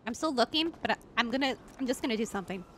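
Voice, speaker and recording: A woman streaming in character as a doctor in a roleplay game, talking excitedly and gushing, with frequent laughter. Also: a little high, very fast, a little hiss or hum.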